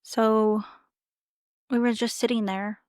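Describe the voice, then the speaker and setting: A woman's voice: fairly high pitch, flat delivery, slow, a little mellow, dry recording, clean studio sound. A young woman chatting casually as a podcast guest, telling a travel story in a rambling way with lots of fillers. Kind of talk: casual chat.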